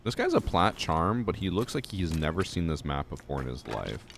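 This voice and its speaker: Very deep-voiced young man streaming a game. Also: normal speed, creaky. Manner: relaxed, rambling, lots of "like" fillers. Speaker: gaming streamer. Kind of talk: casual live-stream chat while playing. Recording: steady clicking noise in background.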